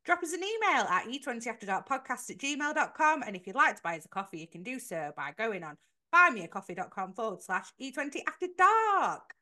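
A woman's voice: on the high side, big pitch swings, fast, pushed and bright. A woman co-hosting a podcast, chatting casually and giving firm opinions. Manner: opinionated, emphatic. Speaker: podcast co-host. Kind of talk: casual chat.

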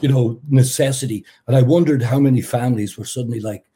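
A man as a podcast guest, riffing dark jokes in casual chat with a dry delivery and plenty of swearing. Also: medium pitch, fast.

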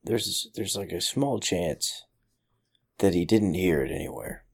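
A man's voice: deep voice, expressive, a little slow, crowd noise. A man in casual chat, giving short reactions and questions and laughing along.

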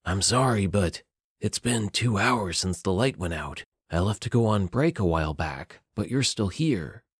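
A man's voice: lowish voice, animated, a little slow, husky, no echo, studio quality, full character voice. A man voicing a deferential male palace guard who speaks apologetically. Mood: apologetic. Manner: apologetic, polite.

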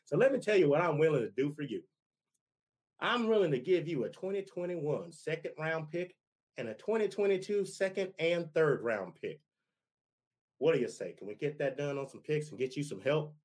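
A man's voice: a little high, expressive, moderate pace, a little mellow, husky. A man doing an impression of a boastful, folksy older football team owner with a put-on drawl, in a played-back clip. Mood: wheeling and dealing.

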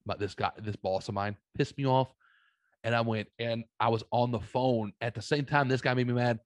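A man's voice: mid-range voice, moderate pace, dry recording. Profane, rambling man telling stories. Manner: profane, rambling, animated anecdotes. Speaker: podcast guest. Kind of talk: casual storytelling.

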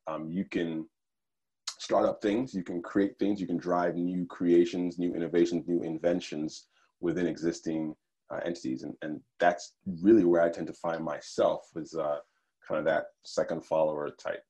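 A man from Nigeria who grew up in the United States, speaking as a podcast guest in a thoughtful, measured way with fillers and restarts. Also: low voice, flat delivery, dark tone. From Nigeria, raised in the United States. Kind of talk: conversational interview.

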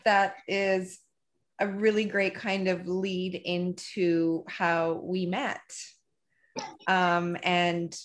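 A woman hosts an interview and asks gentle questions. She speaks slowly and leaves space between her words. Her voice sits fairly low for a woman. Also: flat delivery. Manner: gentle, unhurried questions with fillers. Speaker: interviewer, podcast host. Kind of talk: conversational interview.

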